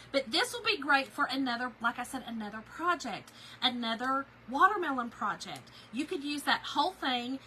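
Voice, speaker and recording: Lady chatting while she crafts, laughs a lot, brightish higher voice. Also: a little hiss or hum, rough recording. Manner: chatty, laughing, addresses viewers as y'all. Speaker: craft video host. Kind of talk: casual storytelling while crafting.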